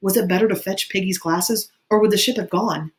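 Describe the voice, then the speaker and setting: A woman's voice: medium pitch, a little fast. A woman teacher reading a novel aloud for her students in a plain manner, with occasional restarts.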